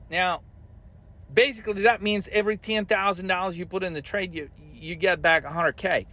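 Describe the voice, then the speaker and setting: A man with a high-pitched voice hosts a trading vlog. He rants heatedly and swears constantly as he comments on the markets. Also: fairly bright tone. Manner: profane, heated ranting. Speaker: trading channel host.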